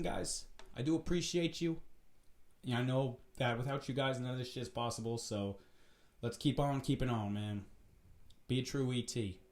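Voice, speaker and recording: Vlogger man, mid-pitch, swearing and preachy, in a roomy room. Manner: profane, animated, preachy. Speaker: vlog host. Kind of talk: casual rant to camera. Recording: roomy echo.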